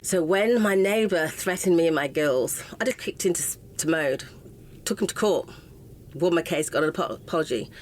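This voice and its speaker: A middle-aged woman with an English accent tells her life story with raw, unfiltered passion, stopping and restarting as feelings rise. Her voice sits low for a woman. A faint hum of ambient noise lies under the recording. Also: animated, normal speed, a little mellow. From England. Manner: raw and impassioned, often breaking off mid-sentence. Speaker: interview guest. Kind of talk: emotional personal storytelling.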